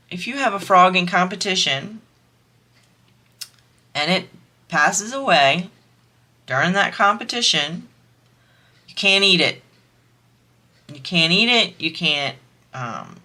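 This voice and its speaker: A woman's voice: deep voice, lively intonation, takes it slowly, long pauses, bright, forceful tone. A woman vlogger chatting casually while she crafts, amused and laughing often.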